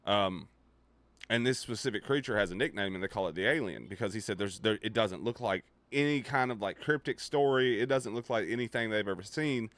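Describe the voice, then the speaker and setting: A young male livestreamer tells a story live in a casual, profane way, sinking his voice low and quiet to build suspense. He talks a little fast, and the recording is dry.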